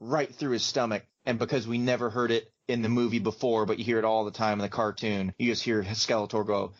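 A man co-hosting a podcast in casual chat, spinning out scenes with some fillers and acting out shouts. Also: on the low side, level tone, brisk. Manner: storytelling, hesitant fillers, acts out voices. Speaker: podcast co-host. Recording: slightly dull lo-fi sound.

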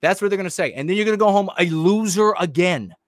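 A man's voice: sits high, fast talker, no echo. A man ranting as a political commentator in a livestream. He talks bluntly and heatedly, stopping and restarting often with fillers.

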